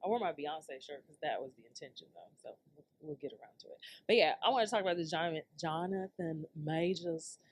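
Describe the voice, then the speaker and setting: A woman's voice: deep voice, animated, fast talker, few pauses, breathy edge. A woman hosting her own podcast, ranting casually and loosely to her listeners, laughing and swearing as she goes. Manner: loose, laughing, profane, talks straight to listeners. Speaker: podcast host. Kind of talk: casual solo rant.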